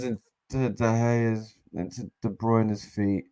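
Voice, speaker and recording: A young man giving casual live match commentary as a fan co-host, excitable and exasperated, with frequent restarts. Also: on the low side, normal speed. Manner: excitable and exasperated, swears, repeats and restarts phrases.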